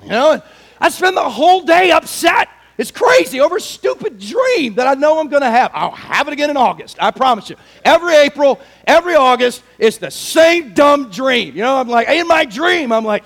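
A man in his forties preaching a sermon, animated and shouting at the peaks of his personal stories. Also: very high-pitched, a little fast, vocal fry. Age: 40s. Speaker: pastor.

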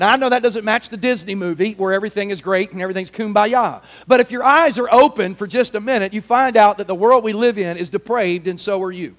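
High-voiced preacher telling a lively story. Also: male voice. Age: 40s. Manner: animated, shouting at story peaks. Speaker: pastor. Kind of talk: sermon with personal storytelling.

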